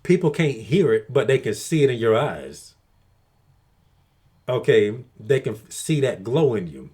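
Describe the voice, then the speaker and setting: Male vlogger, casual crude monologue, swears freely, rambles with many "okay"s, average pitch. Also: sing-song, unhurried, darkish tone, slightly rough. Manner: crude, profane, repeats "okay" often. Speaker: video blogger.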